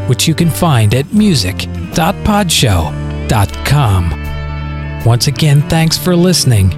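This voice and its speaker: A man reading his own audio story aloud as its narrator, in a dramatic, expressive way. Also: fairly high pitch. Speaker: podcast author and narrator.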